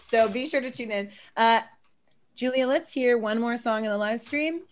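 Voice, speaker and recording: A woman comedian hosting a casual live-stream interview, telling stories in a chatty, animated way with many fillers. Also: on the high side, moderate pace. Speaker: comedian host.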